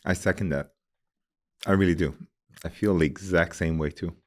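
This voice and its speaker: Deep-voiced host fumbling his questions. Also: fairly even intonation, normal speed, a little mellow. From USA. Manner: fumbling, repeats and rephrases questions. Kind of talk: interview questions.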